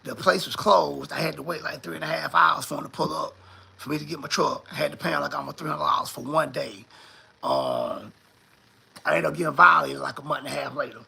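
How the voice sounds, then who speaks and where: A man, telling a story in a casual, animated and profane way and acting out the other people in it. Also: a little high, brisk, creaky, breathy edge.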